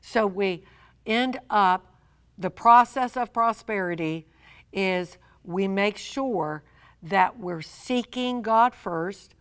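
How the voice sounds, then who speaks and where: A woman teaching a sermon on finances, mid-pitched and emphatic, leaning on repeated phrases. She voices quoted people as she goes. Her voice is recorded dry and close. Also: no echo. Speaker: Christian money teacher. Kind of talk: preaching teaching.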